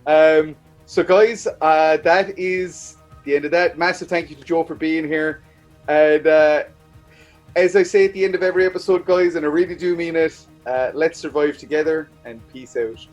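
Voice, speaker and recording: A man's voice: on the high side, steady tone, moderate pace, soft background music. A man with an Irish accent hosting an interview in casual, chatty talk, laughing often and stumbling over his words. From Ireland. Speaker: podcast host.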